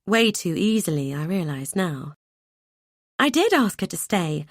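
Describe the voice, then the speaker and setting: A low-voiced woman, an audiobook narrator, reads a thriller in first person, a little slowly and with big pitch swings. The recording is dry, with clean studio sound.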